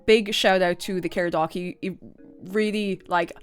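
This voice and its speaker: A woman's voice: fairly low pitch, steady tone, measured pace, smooth, faint music behind. Chatty Irish woman streamer, laughing a lot. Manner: chatty, laughs often, rambling asides. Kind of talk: casual chat, storytelling to stream.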